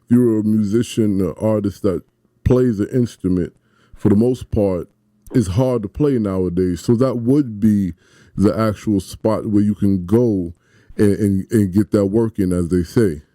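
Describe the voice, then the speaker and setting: A man's voice: lowish voice, measured pace, warm tone, dry recording. A man hosting a radio interview, eager and stammering, laughing easily. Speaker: radio host.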